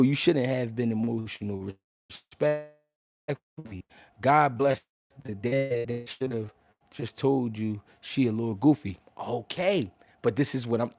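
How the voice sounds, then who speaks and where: A man hosting a livestream gets worked up while answering chat, his emotional, unscripted speech full of stammers, repeated words and restarts. His voice is mid-range and a little mellow with vocal fry, and there's no room sound.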